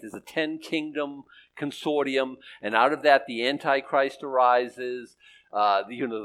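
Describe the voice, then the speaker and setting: Animated pastor preaching, loud to hushed. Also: male voice, medium pitch, poor audio. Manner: animated, swings from loud urgency to hushed softness; repeats himself and restarts phrases. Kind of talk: sermon.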